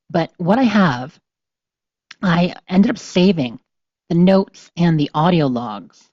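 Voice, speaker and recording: Deep, husky, and a little mellow, a woman's voice hosts a podcast of casual, meandering talk heavy with "you know" fillers, occasionally reading game notes aloud. There's no echo, and the lo-fi recording sounds dry and a touch dull.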